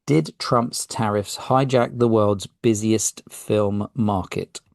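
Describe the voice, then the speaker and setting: British guy on his podcast reading film news, low gravelly voice, dry close sound, keeps fumbling french names. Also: slow, no room sound. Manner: casual, self-deprecating, stumbles over names. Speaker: podcast host. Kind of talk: reading news articles with commentary.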